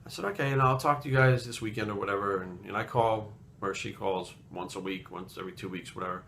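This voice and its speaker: A man's voice: on the low side, quick pace, gravelly, a bit bright, slight background noise. A man in his late thirties from Rhode Island, telling a personal story in a blunt, rambling way with lots of swearing. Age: late 30s. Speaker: fitness vlogger. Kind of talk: casual storytelling.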